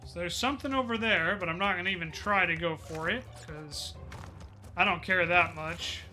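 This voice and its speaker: A man streaming a game with casual commentary, swearing when frustrated, then talking softly and fondly to his dog. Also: sits high, normal speed, soft background music.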